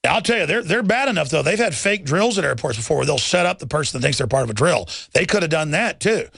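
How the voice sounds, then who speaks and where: A man's voice: a little high, lively intonation, fast talker, gravelly, fairly bright tone, slightly rough, no room sound, studio quality. A man hosting a talk radio show, ranting in a rambling, heated way with many restarts before taking calls. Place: radio studio.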